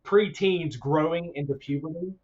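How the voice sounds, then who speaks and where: A man's voice: a little high, normal speed, darkish tone, muffled recording. A man co-hosting a podcast in casual chat, rambling and laughing between stories. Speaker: podcast co-host.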